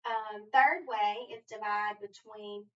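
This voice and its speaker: A woman's voice: medium pitch, steady tone, fairly bright tone. Methodical woman teacher, distant lo-fi mic. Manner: deliberate, methodical step-by-step explaining. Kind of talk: phonics lesson instruction. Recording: distant lo-fi mic with faint room ambience.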